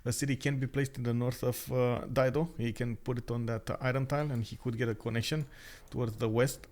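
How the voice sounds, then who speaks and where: A young man casting a live strategy game, talking quickly with many filler sounds and excited outbursts. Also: medium pitch. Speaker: esports caster.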